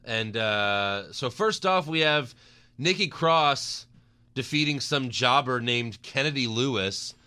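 A man's voice: medium pitch, lively intonation, slow pace, bright, forceful tone, clean tone. A man hosting a casual podcast, teasing his co-hosts with crude jokes. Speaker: podcast host.

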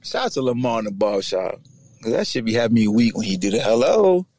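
A middle-aged man from Virginia, a former player, hosts a casual sports podcast in a lowish voice, talking fast. He's animated and slangy, cracking jokes and doing voices of other people. The recording is dry.

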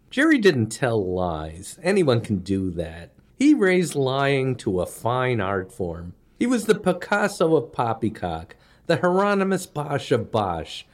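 Brief: male comic storyteller, wry and self-mocking, very expressive intonation, middle pitch. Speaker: comedian storyteller. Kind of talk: comedic storytelling monologue.

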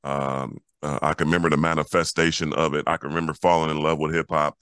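Very low-voiced animated man. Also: fast, clean tone, no room sound, clean studio sound. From Los Angeles, USA. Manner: animated storyteller, repeats words when excited. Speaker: co-host, former pro basketball player. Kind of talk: casual podcast chat.

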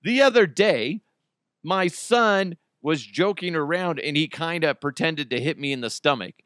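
A man in his thirties hosting a podcast, telling a story in casual chat, animated and profane, with his voice jumping up in outbursts, on a close microphone. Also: a little high, measured pace, clean tone, no room sound. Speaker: podcast host. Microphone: close studio microphone.

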